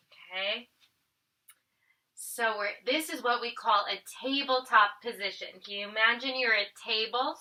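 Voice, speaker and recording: A woman teaching a family yoga class. She gently guides each pose step by step and counts the breaths. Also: on the high side, far from the mic, low-quality recording. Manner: calm step-by-step guiding, counting breaths, switching between English and Spanish. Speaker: yoga instructor.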